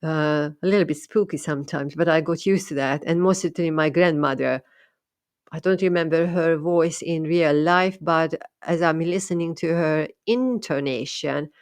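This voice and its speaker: Woman, low voice, dry close sound, reflective medium talk. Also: moderate pace, dry recording. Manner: thoughtful, repeats and restarts words. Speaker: medium sharing experiences. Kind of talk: casual monologue.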